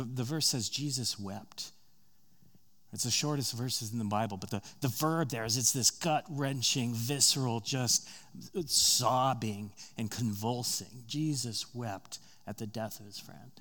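Guy preaching, chatty storytelling sermon, gets loud then goes quiet and slow. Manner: storytelling, rising in pitch and volume at dramatic moments, dropping soft and slow.

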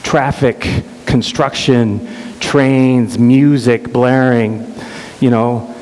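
A middle-aged man telling an emotional personal story earnestly, often halting and repeating words. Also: medium pitch, fairly even intonation, a little mellow. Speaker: speaker sharing a personal story. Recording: reverberant hall with faint hiss.

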